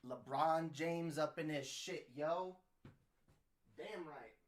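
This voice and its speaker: A man's voice: a little high, takes it slowly. A man hosting a casual livestream, joking loosely and swearing, sprinkling "yo" everywhere while he fiddles with a new microphone. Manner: slangy, profane, peppered with "yo"; loose, joking, tinkering with a new mic mid-talk. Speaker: livestream host. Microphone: new desk mic with pop filter.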